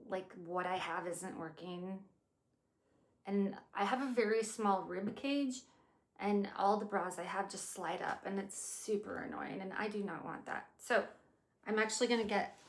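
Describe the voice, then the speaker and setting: A woman in her fifties chatting casually as she plans her day out loud, rambling and swearing now and then. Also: mid-range voice, reverberant. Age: 50s. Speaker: vlogger. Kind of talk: casual day-planning chat.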